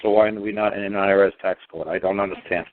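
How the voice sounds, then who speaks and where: A man's voice: fairly low pitch, fairly even intonation, quick pace, heavy background noise. Emphatic man on a tinny phone line. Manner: emphatic, repetitive, sarcastic. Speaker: guest speaker on law. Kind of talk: casual talk-radio conversation.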